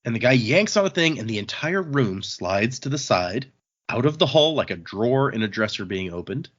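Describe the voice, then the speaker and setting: A man recaps a story in casual podcast chat, his pitch lively and bouncing. His voice is a bit husky. The audio sounds dull and muffled. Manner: retells scenes, quoting characters in quick asides. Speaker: podcast host summarizing chapters.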